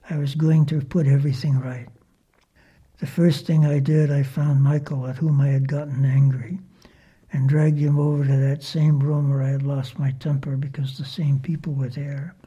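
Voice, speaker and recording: A disciple telling personal memories of a spiritual teacher, speaking softly and reverently, often slipping into a whisper. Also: mid-range voice, breathy edge. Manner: soft, partly whispered, reverent storytelling. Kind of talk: spoken personal recollection.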